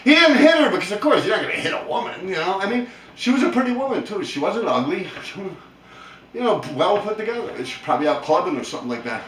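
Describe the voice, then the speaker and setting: A man's voice: high voice, big pitch swings, quick pace, a bit bright, roomy sound, recorded from a distance, a little hiss or hum. A man telling a funny story in casual, profane street slang, laughing hard as he goes. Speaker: storyteller vlogger.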